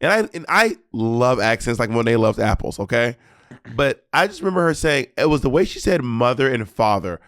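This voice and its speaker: Fast-talking sassy Atlanta man. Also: medium pitch, sing-song, a bit bright, no room sound, studio quality. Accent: Atlanta Southern. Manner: quick, sassy, exasperated, theatrical. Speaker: podcast co-host. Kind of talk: casual podcast banter.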